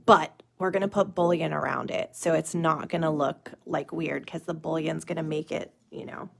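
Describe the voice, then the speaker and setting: A young woman leads a live nail art tutorial and chats with her viewers as she works. Her voice has a gravelly, fry-edged texture, and she talks at an unhurried pace. She keeps it chatty and loose, full of fillers, and drops to a murmur while she focuses on the nail. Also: on the low side. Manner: chatty, filler-heavy, talks to viewers as "you guys" and "y'all".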